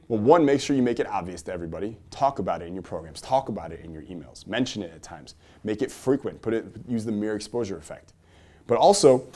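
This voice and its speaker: A mid-range male voice leads a lively seminar for a live audience, throwing out rhetorical questions. His delivery swings from loud emphasis to soft asides.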